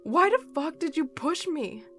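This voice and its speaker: A woman voicing an angry, hurt young man who shouts and sneers as he accuses a friend in a horror story reading. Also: medium pitch, measured pace, faint music behind. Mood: angry, accusing.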